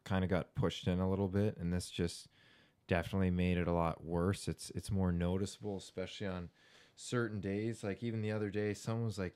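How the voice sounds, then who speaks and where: A man's voice: deep voice, steady tone, fairly quick, darkish tone, smooth. A young man talking casually as a podcast guest, rambling, talkative and swearing freely. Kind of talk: casual chat.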